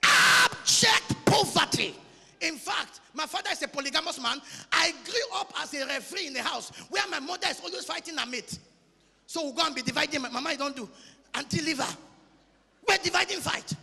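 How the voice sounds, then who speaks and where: A man with a Nigerian accent preaching a sermon in an emphatic, sing-song way with shouted peaks. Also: very high voice, a little fast, vocal fry, big-room sound. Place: large church hall.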